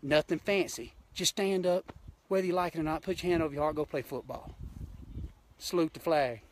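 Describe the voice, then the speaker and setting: A hunting show host from Georgia, his Southern voice a little high and brisk, delivers an impassioned, blunt, folksy rant on a live stream. He's on a mountain outdoors, recorded on a handheld phone with a little hiss or hum.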